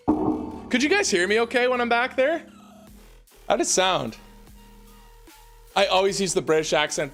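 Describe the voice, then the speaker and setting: A man's voice: fairly high pitch, fairly bright tone. Hyped young man streaming from home. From Canada. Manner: hyped, talks to chat, calls viewers baby and y'all. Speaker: livestream host. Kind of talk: casual livestream chat. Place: home basement room.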